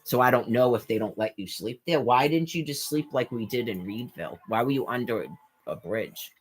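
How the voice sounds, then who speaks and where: A woman's voice: very deep voice, expressive, husky. Exasperated woman ranting to camera. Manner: exasperated, profane, mimics others mid-sentence; halting restarts, stacked rhetorical questions. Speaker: vlogger. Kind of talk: rambling rant to camera.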